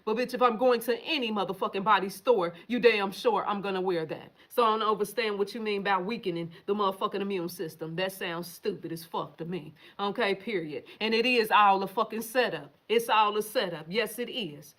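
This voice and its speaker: A woman's voice: medium pitch, a little fast, few pauses, fairly bright tone. A woman hosting a casual livestream, reading viewer comments and answering them in a profane, emphatic way straight to her viewers.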